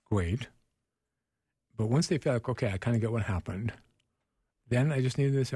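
Man, counselor on radio, mellow husky low voice, gentle and earnest, dry sound. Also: moderate pace, pauses often, no echo. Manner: gentle, earnest, explains patiently. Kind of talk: advice on a radio talk show.

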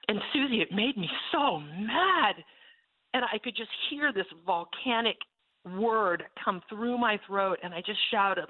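A woman's voice: mid-range voice, animated, unhurried, no room sound. A woman guest telling a vivid, emphatic personal story over a tinny phone line.

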